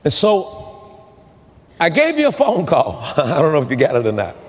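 A man's voice: fairly high pitch, huge pitch swings, a little hiss or hum. Fervent male preacher in a reverberant church. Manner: fervent preaching, swings between rapid talk and drawn-out shouted phrases. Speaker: pastor. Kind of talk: sermon. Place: church sanctuary. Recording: long hall reverb.

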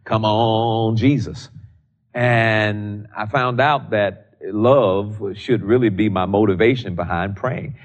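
A man in his sixties preaching a sermon on prayer, repeating key lines slowly for emphasis and reading scripture in old-fashioned wording. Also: on the low side. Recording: dull lo-fi recording.

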